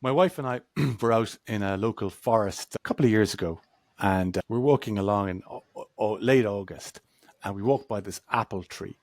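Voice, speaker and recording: A man speaks as a guest in an interview, with a fairly low voice. The sound is dry and close, with no room around it. He talks in a relaxed, conversational way over a video call and slips into anecdotes. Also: normal speed, dry recording. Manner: storytelling, acts out quoted voices.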